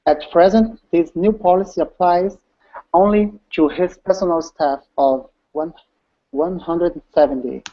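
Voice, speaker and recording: An English student reading a passage aloud slowly, stumbling and restarting on words. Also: mid-range voice, warm tone. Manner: slow halting reading with restarts. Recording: dull lo-fi call audio.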